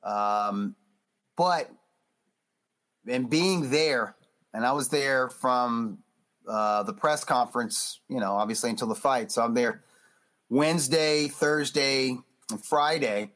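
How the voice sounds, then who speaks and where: In a laid-back interview on a podcast, a man who edits a boxing magazine talks about the sport animatedly, acting out quotes loosely and often restarting or using fillers. His mid-range voice is slow and pauses often.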